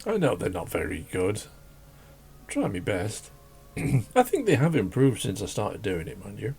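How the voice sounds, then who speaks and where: A man hosting a drawing channel, chatting casually and rambling as he draws, self-deprecating and laughing often, with a croaky voice. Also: on the low side, huge pitch swings, unhurried, darkish tone. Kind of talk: casual chat while drawing. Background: faint classical music.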